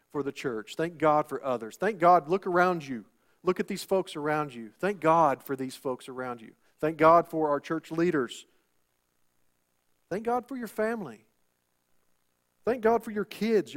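High-voiced preacher calling "Amen?". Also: male voice. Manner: rhetorical questions, call-and-response "Amen?"; emphatic, repetitive preaching. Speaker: pastor. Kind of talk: sermon.

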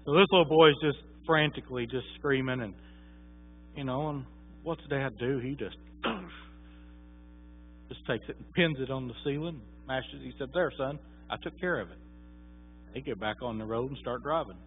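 A man's voice: mid-range voice, normal speed, a little hiss or hum. A man preaching a sermon, telling a story in a folksy, conversational way with many fillers. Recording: tinny phone-like sound.

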